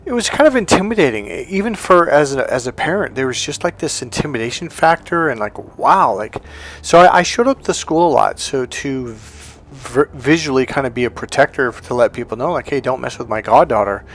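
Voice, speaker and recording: A man who works as a relationship coach and hypnotherapist, telling a personal story as motivational talk and acting out the dialogue in it. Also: a little fast. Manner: animated, acts out quoted dialogue with high lifts in pitch.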